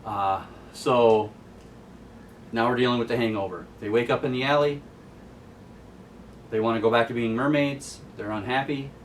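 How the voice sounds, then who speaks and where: A man's voice: mid-range voice, fairly even intonation, moderate pace, long pauses, distant mic, slight background noise. A man hosting a casual comic book recap in an amused, chatty storytelling manner. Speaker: host.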